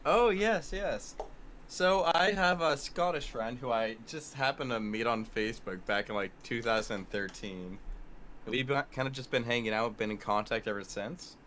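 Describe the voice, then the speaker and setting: A cheerful young man chats as a guest on a live stream. He talks easily and warmly about his studies, with a faint hiss of noise behind him. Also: mid-range voice, moderate pace. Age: young adult. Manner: cheerful, chatty, mimics voices in stories. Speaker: guest, animation student. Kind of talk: casual chat.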